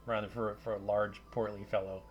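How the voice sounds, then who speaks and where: A man narrating a tabletop game as game master, halting, with many fillers and restarts. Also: on the low side, little pitch movement, muffled recording, a little hiss or hum.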